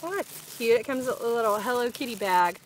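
A young woman, gushing and excitable as she chats casually through an unboxing vlog. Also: a little high, a little fast, noisy background. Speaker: vlogger.

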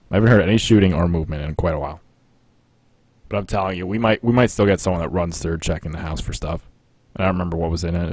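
A young man streams a battle royale game, rambling casually and laughing often as he comments live. His voice is low-pitched and a little mellow, with no echo.

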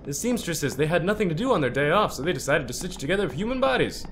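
A man playing a horror game and commenting, easily startled, swearing and yelling back at the ghosts. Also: on the high side, big pitch swings, rapid-fire, a little hiss or hum. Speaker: gaming channel host.

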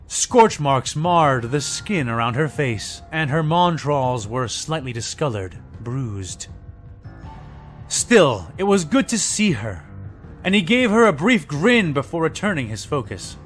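A man narrating a fan audio drama in a measured storytelling manner. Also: on the high side, fairly bright tone. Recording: faint background music. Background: faint music.

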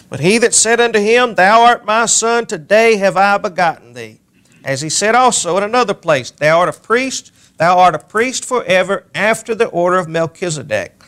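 A male pastor preaching a sermon, reading scripture aloud and pressing key words with slow emphasis. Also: high-pitched, a bit bright. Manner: reads scripture aloud in King James wording.

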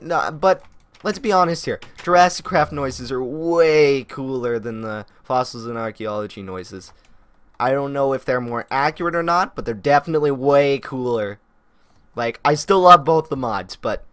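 A young man giving excitable let's-play commentary on a modded game, talking to the animals on screen. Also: mid-range voice, dry recording. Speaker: gaming youtuber.

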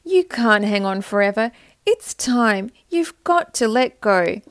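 A woman voicing a gentle, loving mother oak tree with a soft, reassuring voice. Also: on the high side, expressive, slow pace, no room sound, clean studio sound.

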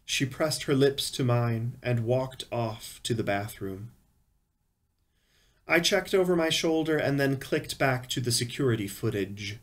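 A man reading first-person crime fiction aloud in a measured, grave storytelling manner. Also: mid-range voice, lively intonation. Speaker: reader.

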